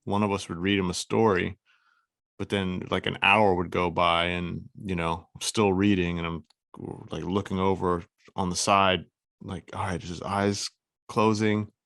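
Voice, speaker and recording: A man co-hosting a podcast, chatting in a relaxed, agreeable way and chuckling along. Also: deep voice, measured pace, creaky, no room sound, studio quality. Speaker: podcast co-host. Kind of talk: casual chat.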